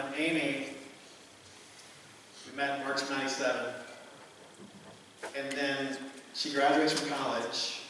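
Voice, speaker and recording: A man in his forties preaches in a loose, conversational way, breaking off into asides and fillers as he tells a story. His voice is bright and forceful. It rings through a big reverberant church hall, picked up from some distance with faint ambience behind. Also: medium pitch, slight background noise. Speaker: pastor. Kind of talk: sermon.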